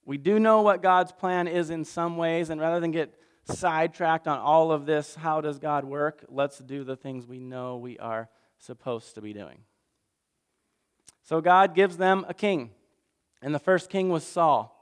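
A man's voice: fairly high pitch, unhurried, clean tone. A man preaching a casual sermon recap in a conversational, self-deprecating way, acting out little voices. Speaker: pastor.

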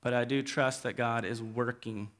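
A man preaching a sermon to his church, speaking in an earnest, halting way and pleading gently with his listeners. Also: mid-range voice, steady tone. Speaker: pastor. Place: church hall.

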